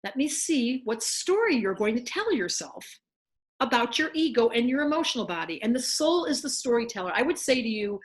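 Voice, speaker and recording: A woman astrologer giving a lively spiritual talk to a group and acting out inner voices as she goes. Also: fairly high pitch, brisk. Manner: animated, acts out inner voices. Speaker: astrologer teaching a workshop.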